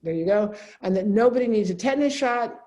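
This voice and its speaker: A middle-aged woman gives an academic seminar lecture in a mellow, warm-toned voice. She talks conversationally and keeps checking in with her listeners through a questioning "right?". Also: medium pitch, expressive, fairly quick. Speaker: professor of religion and ethics.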